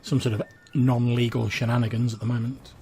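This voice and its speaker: A man narrating a tabletop role-playing session as game master, describing the action in a measured way. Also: medium pitch, little pitch movement, music in the background.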